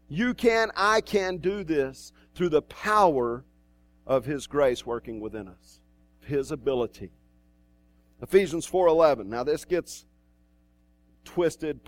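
A man's voice: high voice, no room sound. A male pastor preaching a sermon in a church, in a conversational way with asides and restarts.

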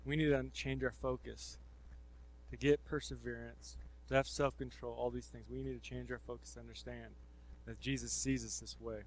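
A man preaching a sermon in a casual, conversational way with slang, swinging between loud emphasis and near-murmured asides. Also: medium pitch, little pitch movement, normal speed, poor audio.

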